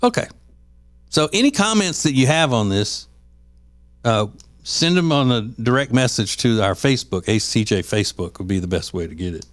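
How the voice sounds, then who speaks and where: A man's voice: mid-range voice, lively intonation, moderate pace, dry recording. Dry-voiced man rambling on a podcast. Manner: rambling, restarts often, acts out quoted voices. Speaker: podcast co-host. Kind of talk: casual chat.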